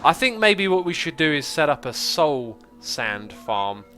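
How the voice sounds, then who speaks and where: Man, game livestream host, casual chatty banter, slightly high voice, faint music underneath. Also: very animated, measured pace. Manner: chatty, reads viewer comments aloud and thinks out loud. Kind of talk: casual gameplay livestream chat.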